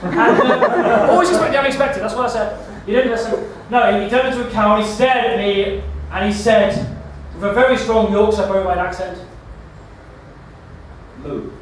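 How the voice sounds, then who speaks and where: Stand-up guy talking fast and rambly, stammers a lot, heard from far off in a really echoey club. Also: high-pitched, noisy background. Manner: rambling deadpan storytelling with stammered restarts. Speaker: stand-up comedian. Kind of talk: stand-up set. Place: comedy club stage.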